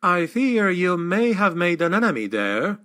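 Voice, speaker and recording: A man's voice: high voice, sing-song, a little slow, sharp tone, voice pushed up, exaggerated voice. A man doing a cultured young nobleman. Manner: cultured, refined speech. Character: young male noble heir, cultured and proud.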